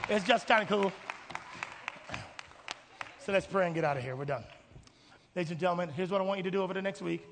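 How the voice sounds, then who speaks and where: A pastor preaching an impassioned sermon in a church, swinging from hushed asides to shouting and calling for responses from the congregation. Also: male voice, sits high, gravelly. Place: church sanctuary. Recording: reverberant hall with faint music.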